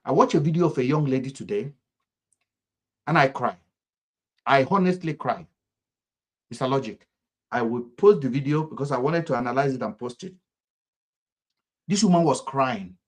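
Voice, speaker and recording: A man with a Nigerian accent giving impassioned political commentary, repeating himself in a fervent rhythm and swinging sharply between loud and soft. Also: mid-range voice, lively intonation, moderate pace, long pauses.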